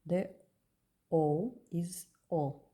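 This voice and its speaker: A woman with a Russian accent, a native Russian speaker, gives a slow, patient beginner language lesson and repeats words for practice. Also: fairly low pitch, mellow. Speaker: language teacher.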